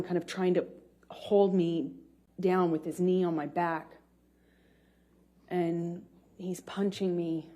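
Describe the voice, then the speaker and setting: Slow, halting woman giving testimony. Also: lowish voice, dark tone. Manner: halting, with frequent pauses and restarts. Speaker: trial witness. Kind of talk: courtroom testimony. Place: courtroom.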